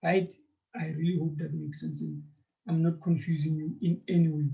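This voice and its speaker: A man teaches a math lesson in a high voice. He keeps checking in with his students, tagging "right?" onto his points, and fills his pauses with "um". The recording sounds dull and lo-fi. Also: level tone, gravelly, mellow. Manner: talks to students directly, often checks with "right?", many "um"s.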